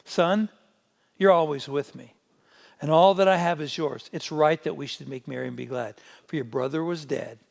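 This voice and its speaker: Man reading out a kind forgiving father, gravelly, reassuring, sermon retelling. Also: fairly high pitch, normal speed.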